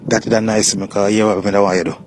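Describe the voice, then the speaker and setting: A man's voice: on the low side, level tone, fast, background noise. A man, bantering in a joking, suggestive way.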